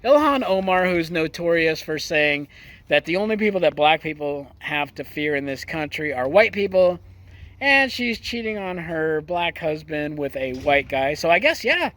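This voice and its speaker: A man's voice: on the high side, animated, moderate pace, fairly bright tone. A man ranting casually about the news as a vlogger, crude and mocking, talking outdoors near a horse. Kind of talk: casual political rant.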